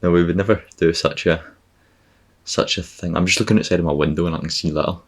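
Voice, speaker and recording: A man's voice: low-pitched, fairly even intonation, fast talker. A Scottish man hosting a podcast, rambling through a comic, sarcastic and profane travel monologue. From Scotland. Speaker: podcast host.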